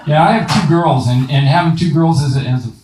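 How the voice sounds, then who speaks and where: A man in his thirties with a slightly high voice performs a crude stand-up set for a live club crowd, talking a little fast. He swears through his punchlines and adds voiced asides, heard from a distant mic in an echoey club amid heavy noise.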